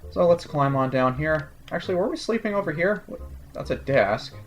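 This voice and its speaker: A man with a fairly high, lively voice talks at a normal speed over soft background music. He's a let's play commentator, tossing out casual, sarcastic remarks and joking asides as he plays through a video game.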